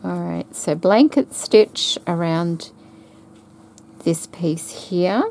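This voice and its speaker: A woman chatting softly and thinking aloud as she stitches a craft project, with the hiccups. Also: fairly low pitch, creaky. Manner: slow, soft-spoken, thinking aloud while sewing. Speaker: craft vlogger. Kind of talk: casual stitching chat.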